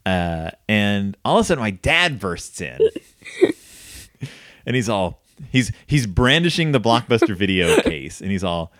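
A man's voice: on the low side, a little slow, dry recording, clean studio sound. A man hosting a casual film discussion podcast, telling stories with lots of fillers. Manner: animated storytelling, many fillers. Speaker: podcast host.

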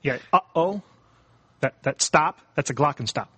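A man's voice: on the high side, a little fast, a bit bright, no room sound. A man co-hosting a podcast, eagerly explaining things and trying out in casual banter. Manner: explains eagerly, tries out accents with laughs. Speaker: podcast co-host.

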